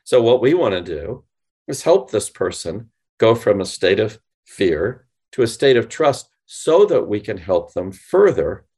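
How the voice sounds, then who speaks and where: A man being interviewed on a podcast, explaining with animated, demonstrative delivery and acting out example phone lines. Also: lowish voice. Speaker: guest, sales company CEO.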